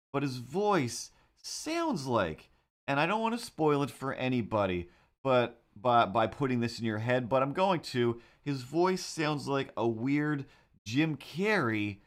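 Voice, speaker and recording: A man hosting a casual livestream as a cartoonist, talking in a rambling, excitable way with lots of fillers. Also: medium pitch, clear, resonant tone.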